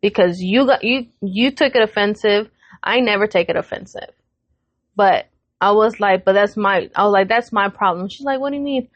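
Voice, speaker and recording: Speaking at normal speed in a medium, mid-range voice, a podcast co-host animatedly retells a fight at home, slipping into everyone's voices and cursing freely. It's casual storytelling chat, and the sound is close yet muffled and lo-fi, with no room echo.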